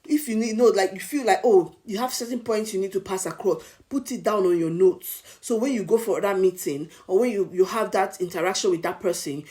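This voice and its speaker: A Nigerian woman talks straight to camera in a casual advice vlog. She drives her points home by repeating them, with an emphatic, coaching delivery. Her voice sits at an everyday middle pitch. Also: dark tone. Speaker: advice vlogger.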